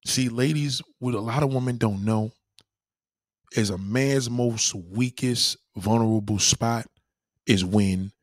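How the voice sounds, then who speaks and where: A man casually telling a profane story to his followers, animated and slangy, often asking "you know what I mean". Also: mid-range voice, slow pace, dry recording, clean studio sound.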